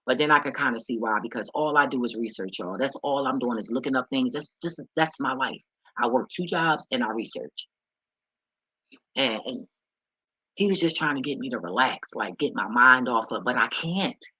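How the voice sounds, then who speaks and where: A woman's voice: extremely low pitch, normal speed, breathy edge, no room sound, rough recording. Blunt, profane woman ranting candidly. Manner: profane, blunt, animated storytelling. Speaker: vlogger. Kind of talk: candid rant to viewers.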